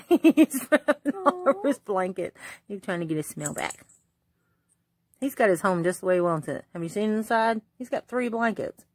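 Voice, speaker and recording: A playful Southern woman in her forties cooing at her pet in a sing-song voice that swoops high and low. She laughs easily and chats casually at home. It sounds like a phone recording. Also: expressive, moderate pace, darkish tone. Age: 40s. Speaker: crafting vlogger. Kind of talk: casual home video chat. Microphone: phone held in hand.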